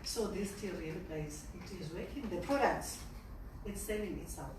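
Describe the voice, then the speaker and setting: A woman giving a lively testimony at a business meeting, telling stories and mixing in local words. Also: lowish voice, moderate pace, background noise. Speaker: product distributor giving a testimony. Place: large echoey meeting hall. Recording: echoey hall from far off.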